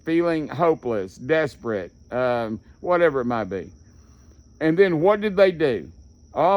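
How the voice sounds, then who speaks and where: A man, a therapist talking through anger control in a casual, folksy, conversational way, with fillers and restarts. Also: a little high. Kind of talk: casual lecture.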